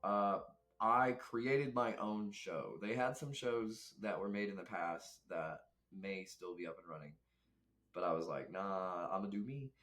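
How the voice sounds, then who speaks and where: A man's voice: lowish voice, a little slow, a bit bright. A young man, a guest telling rambling, reflective stories in casual chat. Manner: rambling, reflective, laughs often.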